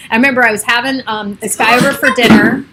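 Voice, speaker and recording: A woman's voice: fairly high pitch, fairly even intonation, fast, background noise. Chatty middle-aged woman livestreaming from home. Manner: chatty, rambling, laughs often. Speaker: livestream host. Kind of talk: casual chat on a livestream. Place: home with children and pets around.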